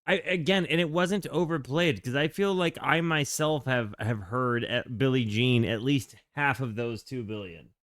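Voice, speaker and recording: A man hosting a casual music reaction video from his home setup, joking and rambling with quick restarts. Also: medium pitch, no echo, studio quality. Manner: animated, jokey, rambling with restarts.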